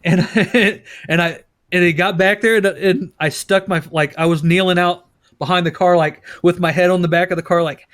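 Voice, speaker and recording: A man with a high voice hosts a casual podcast. He tells a story with a lot of swearing and bursts of laughter. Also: moderate pace. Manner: profane, laughing, animated storyteller. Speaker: podcast host.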